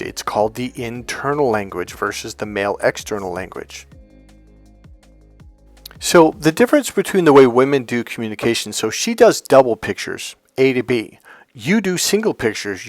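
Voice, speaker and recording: A middle-aged man from California giving a blunt, profane, animated dating-coaching talk. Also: mid-range voice, no room sound. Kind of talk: emphatic coaching monologue.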